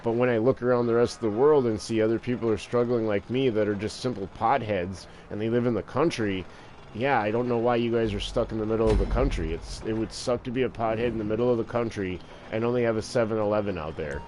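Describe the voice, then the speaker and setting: A man's voice: lowish voice, fast talker, a little mellow. A man talking in a rambling, crude, profane casual monologue while playing a game. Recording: noisy with vehicle sounds behind.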